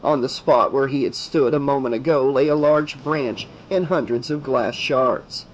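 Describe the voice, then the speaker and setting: A man reading a horror audiobook aloud in a steady, measured storytelling manner. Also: medium pitch, highs cut off, a little hiss or hum. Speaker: audiobook narrator.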